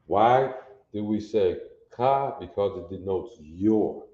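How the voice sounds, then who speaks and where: A man's voice: fairly low pitch, normal speed, dark tone. A man teaching a classroom language lesson, repeating phrases and quizzing his listeners as he goes. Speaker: language instructor. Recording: echoey room, dull lo-fi sound.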